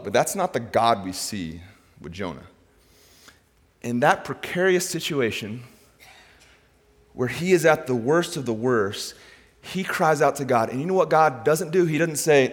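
A man's voice: medium pitch, sing-song, normal speed, pauses often. Man preaching in a reverberant hall. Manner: dynamic preaching, swings between soft asides and raised emphasis. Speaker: pastor. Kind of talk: sermon. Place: large hall with a congregation.

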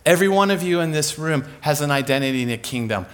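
A man preaching a sermon, telling a story with lively acted-out voices that swing from hushed to loud. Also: a little high, quick pace. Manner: animated, acts out voices in his stories, swings from hushed to loud.

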